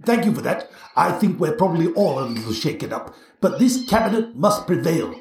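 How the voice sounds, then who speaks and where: A man's voice: on the high side, big pitch swings, brisk. Man doing a blustering posh prime minister. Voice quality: posh bluster with stammering fillers. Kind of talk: satirical sketch. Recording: roomy, distant, faint noise.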